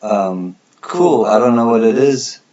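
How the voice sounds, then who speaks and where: A man's voice: lowish voice, lively intonation, a little slow, warm tone, muffled recording. A man hosting a collectibles livestream, chatting casually and reading out viewer comments.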